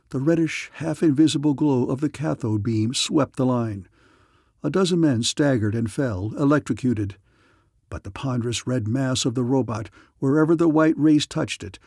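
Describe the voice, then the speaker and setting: A man reading a science fiction audiobook as narrator, in a dramatic, measured storytelling manner. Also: mid-range voice, vocal fry, a little mellow, no echo, clean studio sound.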